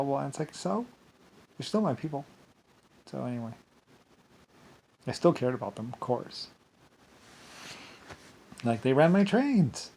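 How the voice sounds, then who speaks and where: Guy rambling on camera, mid pitch, keeps laughing and going anyway. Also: gravelly, darkish tone. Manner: meandering, laughs often, keeps saying "anyway". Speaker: vlogger. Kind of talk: rambling monologue.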